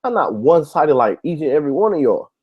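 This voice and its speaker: A man's voice: on the high side, very animated, quick pace, slightly rough, dull audio. Heated, profane man ranting on his show. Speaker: YouTube show host. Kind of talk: ranting monologue to camera.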